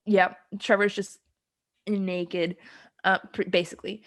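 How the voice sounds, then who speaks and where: A woman's voice: mid-range voice, level tone, slow pace. Young adult woman, podcast co-host, casual chat, rambling recap, lots of ums, giggly.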